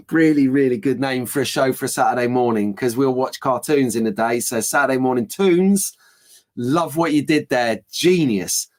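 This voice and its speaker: Chatty man hosting. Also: on the high side. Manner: chatty, rambling, jokey banter. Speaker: host. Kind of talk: casual live-stream chat.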